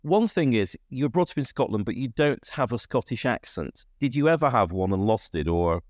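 A man's voice: medium pitch, lively intonation, brisk, a little mellow, dry recording, clean studio sound. A man hosting a podcast interview, asking encouraging follow-up questions. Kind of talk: conversational interview.

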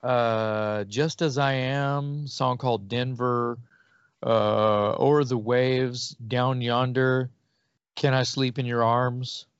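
A man of middle pitch speaks slowly, pausing and restarting as he searches for words with feeling. The recording is dry and close, slightly muffled. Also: level tone, clean tone, no room sound. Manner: slow and halting, emotional. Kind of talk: casual conversation.

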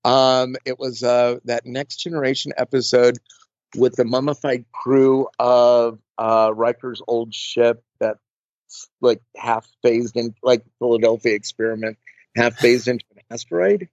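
A makeup artist being interviewed, telling stories in a chatty, rambling way with lots of fillers and restarts. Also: male voice, mid-range voice, fairly even intonation, a little slow, a little mellow, no echo. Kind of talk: casual storytelling interview. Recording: dull lo-fi dry sound.

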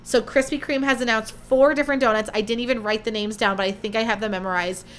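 A young woman hosting a podcast, chatting casually in an animated way with lots of fillers and restarts. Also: on the high side, fast, a little hiss or hum. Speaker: podcast host. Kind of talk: casual chat.

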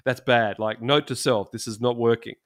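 A middle-aged man, a pastor, telling stories in casual chat, animated and laughing often. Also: mid-range voice, moderate pace.

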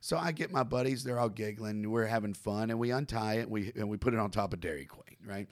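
A man's voice: fairly low pitch, fairly quick. A man in casual conversation, telling a story about himself with self-mocking humor. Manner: self-mocking, laughs through his own stories.

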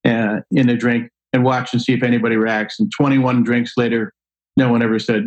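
An older man telling a long personal story in a casual, animated way, acting out the voices of people he quotes. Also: medium pitch, brisk, rough recording. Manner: animated, acts out quoted voices, laughs often. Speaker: guest storyteller.

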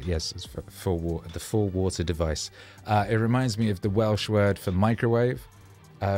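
Rapper dude rambling through a dumb story about himself, lowish voice, swears a lot, bit of music behind. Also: male voice, moderate pace. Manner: rambling, self-mocking, loose with filler words and swearing. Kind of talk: casual storytelling monologue.

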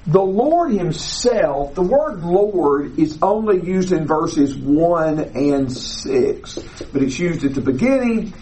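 A man leads a classroom Bible lesson in a high voice. He takes his time and lays each point out deliberately. He often stops to ask the class questions. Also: dark tone, poor audio. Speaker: Bible teacher.

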